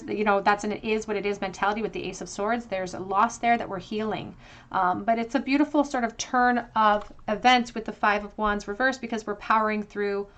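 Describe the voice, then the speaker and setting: A woman talks viewers through a tarot pick-a-card reading in a gentle, reassuring way. She thinks out loud as she turns the cards, with frequent ums, in a voice of ordinary middle pitch. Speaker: tarot reader.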